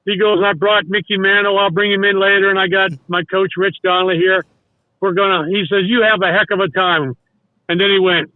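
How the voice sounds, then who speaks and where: An older man spins a long rambling story, stopping to restart and acting out what others said. His voice sits high. The sound is dry and tinny, like a phone call. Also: flat delivery, brisk, no room sound. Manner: rambling anecdotes full of restarts and acted-out quotes. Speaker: guest, former baseball coach. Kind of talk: casual storytelling.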